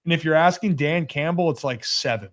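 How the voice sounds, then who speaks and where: A man's voice: on the high side, brisk. Young man hosting a casual sports show. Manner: joking, rambling, puts on voices. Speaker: host. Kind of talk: casual chat.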